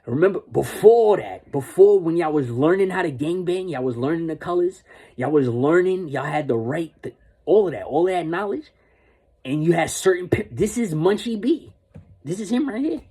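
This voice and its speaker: A man's voice: fairly high pitch, lively intonation, normal speed, mellow, husky. A man delivering a rambling, insistent monologue rant, repeating and restarting his phrases.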